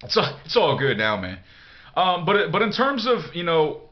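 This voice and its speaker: A man's voice: fairly high pitch, sing-song, moderate pace, lo-fi sound. A man in a casual vlog monologue answering a viewer email, blunt and profane, rambling with lots of fillers. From United States. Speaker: vlogger.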